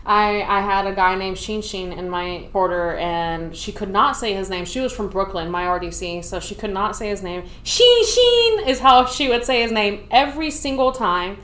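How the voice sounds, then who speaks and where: Animated woman telling stories in a roomy room. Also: mid-range voice, moderate pace, hardly any pauses. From Dallas, Texas. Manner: animated, laughing, acts out quotes. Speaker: podcast guest, Navy veteran. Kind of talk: casual interview storytelling.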